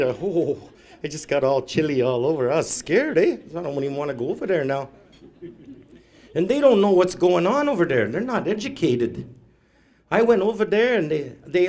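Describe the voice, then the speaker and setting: A man, a stand-up comedian telling stories on stage with deadpan asides. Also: a little high, moderate pace. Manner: storytelling, deadpan asides, laughs at own jokes. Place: live event hall, audience.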